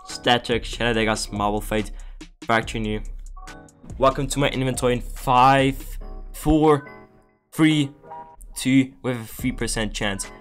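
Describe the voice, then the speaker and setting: A young male streamer gives casual gambling commentary in an ordinary mid-pitched voice, begging for wins and griping in frustration. Faint music plays behind him. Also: measured pace, long pauses, a bit bright. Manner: pleading, exasperated, swearing.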